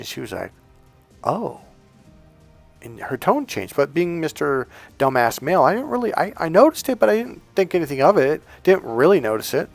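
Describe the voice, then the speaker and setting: A middle-aged man who works as a dating coach, telling a personal story in a loose, profane, animated way and laughing along as he goes. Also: medium pitch, creaky. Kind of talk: casual storytelling monologue.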